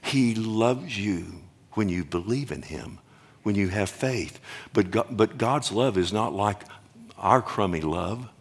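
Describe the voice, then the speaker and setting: A man's voice: on the low side, animated, takes it slowly, slightly rough. An older man preaching a sermon in a folksy, emphatic way, often asking the congregation questions. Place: church or stage before a congregation.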